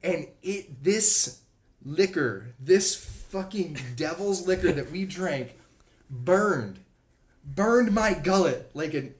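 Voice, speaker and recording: Lively, swearing podcast storyteller, echoey room. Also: mid-range voice, slow. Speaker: podcast host. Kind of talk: casual storytelling chat.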